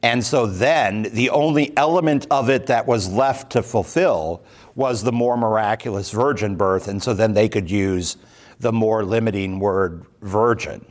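A man leading a Bible class as pastor, talking it through slowly with many pauses, ums and restarts. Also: fairly low pitch. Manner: slow, thoughtful, many fillers and restarts. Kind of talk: unscripted Bible class teaching.

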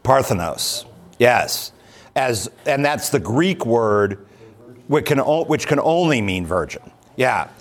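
A man leading a Bible class as pastor, talking it through slowly with many pauses, ums and restarts. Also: medium pitch, big pitch swings. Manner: slow, thoughtful, many fillers and restarts. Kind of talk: unscripted Bible class teaching.

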